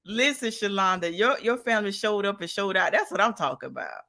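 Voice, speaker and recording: A woman's voice: medium pitch, expressive, fairly quick, creaky, sharp tone. A woman hosting a live online talk show, chatting casually, laughing often and reading out viewer comments. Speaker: podcast host. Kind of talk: casual live-stream chat.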